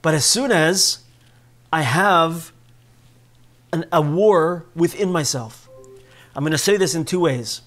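A man giving a conversational Torah lecture, often checking in with his listeners and swinging between calm, quiet explanation and raised, urgent passages. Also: fairly high pitch, slow, long pauses. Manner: frequent tag questions to listeners. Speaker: Torah class teacher.

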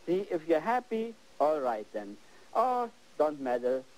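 An older man hosting a TV painting lesson, exuberant and animated, repeating words as he works, on worn 1980s videotape audio. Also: on the high side, measured pace, poor audio. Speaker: painting show host.

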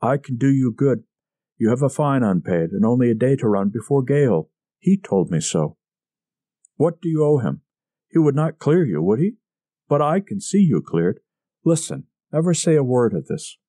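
A man's voice: medium pitch, big pitch swings, normal speed, warm tone, no room sound. A man reading a story, voicing a frightened, scheming murderer who pleads in a feverish, breathless manner. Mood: wheedling. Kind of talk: audiobook character reading.

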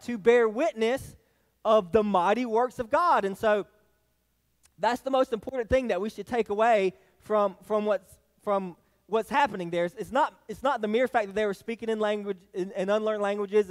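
A man's voice: high-pitched, long reverb tail. A male pastor with a Southern US accent preaching a folksy sermon, often restarting phrases and asking "all right?". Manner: folksy, many restarts and tag questions. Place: church sanctuary.

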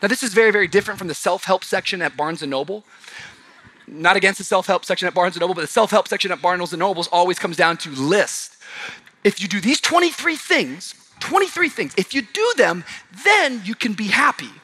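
A man preaching a sermon to a church crowd, swinging from passionate shouting to hushed, quiet lines. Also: high-pitched, expressive, fairly quick. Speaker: pastor. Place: large church auditorium.

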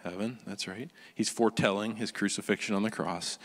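Bright-voiced man preaching in a reverberant church. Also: fairly low pitch, steady tone, brisk, hardly any pauses. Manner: emphatic, asks the congregation rhetorical questions. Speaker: pastor. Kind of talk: sermon. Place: church sanctuary.

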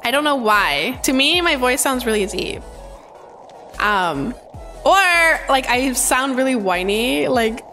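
A woman hosting a live gaming stream, bubbly, greeting and thanking her chat nonstop with excited gasps. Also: sits high, takes it slowly, faint music behind. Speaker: live-stream gamer host.

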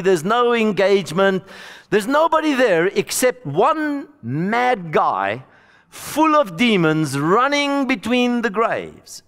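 A man's voice: high-pitched, fairly bright tone. A man preaching a sermon as a storyteller, acting out the voices of the people in the story. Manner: storytelling preacher, acts out voices of the disciples and Jesus. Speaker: pastor. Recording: long hall reverb.

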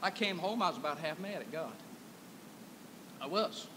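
A man preaching a fiery revival sermon, swinging between hushed storytelling and shouted exclamations, recorded in a church on an old cassette tape. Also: fairly high pitch, lively intonation, normal speed, noisy background. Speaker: pastor. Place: church sanctuary.

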